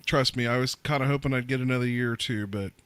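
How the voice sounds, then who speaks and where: A man's voice: mid-range voice, fairly even intonation, crowd noise. A man in his early forties chatting casually in a group and telling a family story, often stumbling and repeating his words. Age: 40s. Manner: halting, repeats words while telling stories. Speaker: open mic participant.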